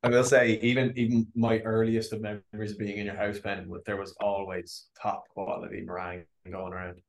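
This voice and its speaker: A man's voice: lowish voice, flat delivery, fairly quick, vocal fry. A man on a casual podcast, joking in a slightly hesitant way. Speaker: podcast co-host. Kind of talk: casual chat.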